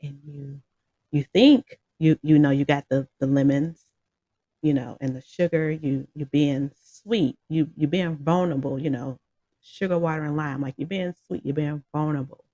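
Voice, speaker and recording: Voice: mid-range voice, moderate pace, no echo, lo-fi sound. A music reviewer talking casually and at length, rambling with lots of fillers and laughing often while addressing viewers directly. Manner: rambling and animated, with many fillers and frequent laughs; talks straight to viewers. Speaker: song reviewer. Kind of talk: casual spoken song review.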